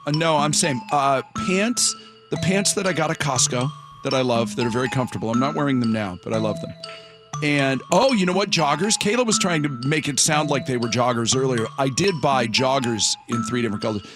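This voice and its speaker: A man's voice: mid-range voice, brisk, over music. A man hosting a morning radio show, chatting casually and rambling with repeated words.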